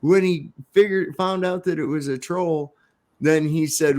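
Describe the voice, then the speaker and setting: A man's voice: fairly high pitch, a little slow, a little mellow. A man hosting a casual livestream, talking in a laid-back, profane way and laughing often. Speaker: livestream host.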